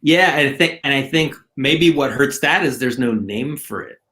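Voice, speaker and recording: A man's voice: mid-range voice, expressive, moderate pace, bright, forceful tone. Hesitant man in a casual chat. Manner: hesitant, restarts sentences.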